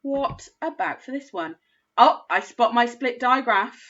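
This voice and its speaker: Lady teacher sounding out words real slow, bright voice, kinda lo-fi. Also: a little high, expressive, slight background noise. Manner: slow, sing-song sounding out of words, encouraging. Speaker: primary school phonics teacher. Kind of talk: phonics lesson for young children.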